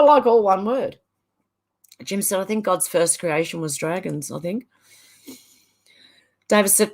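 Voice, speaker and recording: A middle-aged woman hosting a casual livestream, chatting and laughing as she reads viewer comments aloud. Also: on the low side. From Ireland. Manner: chatty, laughs often, sing-song reading of chat comments. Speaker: livestream host.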